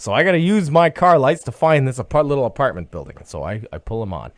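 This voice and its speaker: A man telling a personal story live on the radio as host, chuckling often and breaking into loud yelling. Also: mid-range voice, animated, fast talker, dry recording. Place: radio studio.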